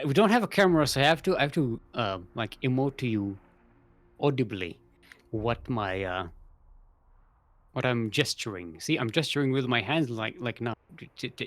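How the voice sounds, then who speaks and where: A man's voice: medium pitch, fairly bright tone, no room sound. A young man casually casting a live game tournament, chatty and rambling, laughing often and a bit out of breath. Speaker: esports caster.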